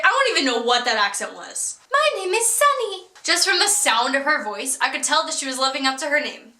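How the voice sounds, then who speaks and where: A young woman telling a storytime vlog in an animated, self-mocking way with frequent laughs. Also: high voice, roomy sound. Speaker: vlogger.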